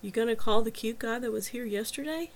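A woman's voice: fairly high pitch, fairly quick, slight background noise, close to an everyday voice. A woman reading the part of a sleepy young female college student, drowsy and casual.

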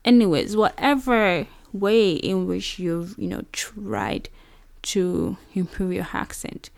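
A woman's voice: medium pitch, takes it slowly, vocal fry, no echo. A young adult woman from Nigeria with a Nigerian English accent, hosting a reflective personal monologue in an earnest way, full of "you know" and "like". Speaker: podcast host.

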